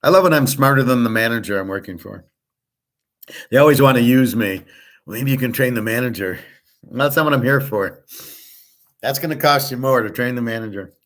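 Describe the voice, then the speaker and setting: A man's voice: medium pitch, fairly quick, a bit bright. A middle-aged man hosting his own channel, talking in a blunt, rambling casual monologue and often repeating himself. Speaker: channel host.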